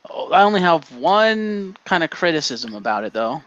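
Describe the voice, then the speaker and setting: A man's voice: fairly high pitch, big pitch swings, moderate pace, a bit bright, no room sound, dull audio. A man co-hosting a casual podcast, talking and joking about wrestling. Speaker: podcast co-host.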